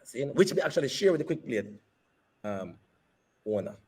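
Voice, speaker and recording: A man, a company CEO, telling a personal story in an interview with animated, repeated phrases. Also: medium pitch, moderate pace, breathy edge. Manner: animated retelling that repeats phrases and slips into patois.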